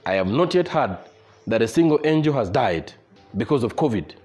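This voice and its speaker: A man's voice: mid-range voice, sing-song, moderate pace, darkish tone, soft background music. A man preaching a sermon as pastor, repeating his points emphatically and leading the congregation in prayer. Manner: emphatic, repetitive exhortation, leads congregation in prayer. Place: church service with congregation.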